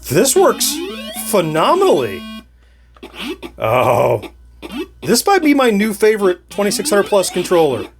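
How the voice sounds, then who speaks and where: A middle-aged man hosts a retro gaming video, chatting casually and laughing often as he plays and thinks aloud. His voice is high with wildly swooping pitch, and he keeps a measured pace with frequent pauses.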